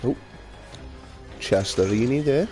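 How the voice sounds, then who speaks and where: A man's voice: medium pitch, animated, slow, mellow, faint music behind. A young man with a Merseyside accent chatting and joking while streaming a game, laughing and swearing in easy banter. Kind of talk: casual chat while gaming.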